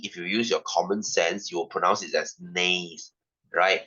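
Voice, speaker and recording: A male science tutor with a Singaporean English accent, teaching a class. His voice is low-pitched yet bright and forceful, and he keeps repeating points and asking rhetorical questions. The sound is somewhat dull and lo-fi. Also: fairly even intonation, normal speed. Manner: repetitive, rhetorical questions, ranting asides.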